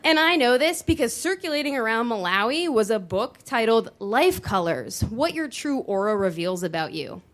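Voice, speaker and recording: Animated woman telling a story on stage. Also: fairly high pitch, some chatter behind. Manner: animated, dramatic pauses and voice shifts. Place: dance studio venue, live show.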